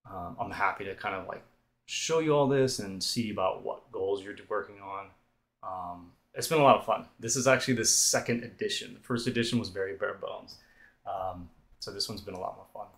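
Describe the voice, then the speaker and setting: A man leads viewers through a stretch routine on a live stream. His voice sits a little low. He talks loosely and casually and keeps drifting into chatty asides. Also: moderate pace, vocal fry. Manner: relaxed, talkative, fillers and asides. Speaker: fitness coach streaming a workout.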